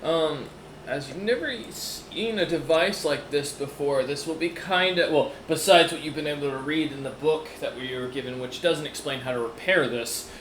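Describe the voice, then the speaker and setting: A man's voice: a little high, normal speed, a bit bright, reverberant, slight background noise. A man narrating as game master of a tabletop game, rambling with many fillers and restarts.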